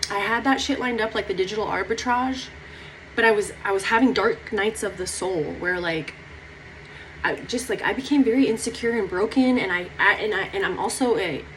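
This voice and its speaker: A woman's voice: mid-range voice, brisk, fairly bright tone, slight background noise, poor audio. A young woman talking through her feelings in a rambling personal vlog, close to tears, swearing casually. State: near tears. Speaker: vlogger.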